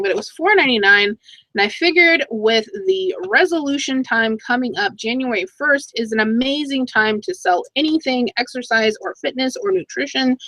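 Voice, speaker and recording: A middle-aged woman chatting casually in a thrift haul vlog, excitable and talking to herself as she goes through her finds. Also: fairly high pitch, no echo, rough recording. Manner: chatty, excitable, talks to herself while browsing items. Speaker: thrift reseller vlogger.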